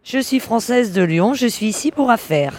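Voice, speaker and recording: A woman voicing a brisk, guarded French journalist in a scripted language-lesson dialogue. She runs her words together and leans on the final syllables in a southern French accent, with a fairly high voice. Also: animated, a little mellow, no room sound.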